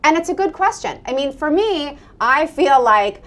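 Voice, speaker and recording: Lively American woman guest, higher voice. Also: normal speed. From United States. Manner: fluent, animated, often laughing. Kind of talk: interview conversation.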